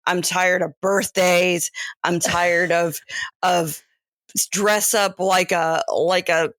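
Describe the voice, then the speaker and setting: A tired woman with a Southern US accent in her thirties, chatting loosely on a podcast. Her voice sits on the low side, and she drifts through long rambling stories, trailing off and starting over. The sound is close and dry. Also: fairly even intonation, slow pace, a bit bright, no room sound. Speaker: podcast co-host. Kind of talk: casual chat.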